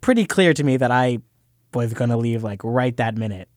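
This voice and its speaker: A man's voice: medium pitch, expressive, normal speed, a little mellow, dry recording, clean studio sound. A man being interviewed, talking in a hesitant, self-conscious way with many restarts. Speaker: interview guest. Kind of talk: conversational interview.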